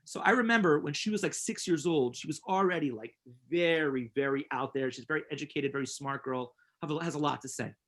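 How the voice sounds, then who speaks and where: A man's voice: fairly high pitch, a little fast, few pauses, a bit bright. A man teaching a class as a rabbi, earnest and emphatic, telling personal stories and repeating words for stress. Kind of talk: inspirational class with storytelling.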